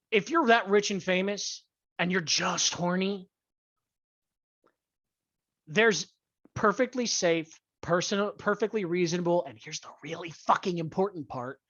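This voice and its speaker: A podcast host in a profane sports rant, angry, crude and blunt, stressing key words with deliberate emphasis. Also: mid-range voice, a bit bright, no echo. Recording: dull lo-fi dry recording.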